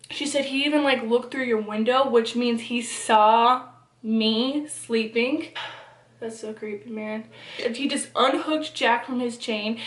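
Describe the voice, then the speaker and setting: A young woman with a high, bright voice tells a story to her camera in a casual, animated way, cursing freely and filling her sentences with "like" and "you know." Her voice rings a little in an echoey room at home. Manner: animated, swears a lot, frequent fillers. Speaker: vlogger. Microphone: camera on a phone or small camera.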